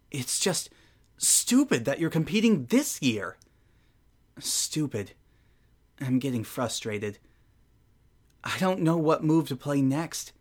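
An anxious, studious young female unicorn, voiced by a man, frets to herself in tense, clipped phrases. Her voice often jumps up in pitch as her exasperation builds. This is a fan audio drama monologue.

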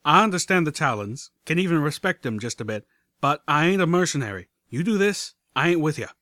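A man plays a plain-spoken male pegasus pony gunslinger with a folksy drawl, lifted a little above his own pitch and leaning loud. Blunt and sure of himself, in a storybook reading with a dry close sound. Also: animated, a little fast, no room sound. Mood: firm.

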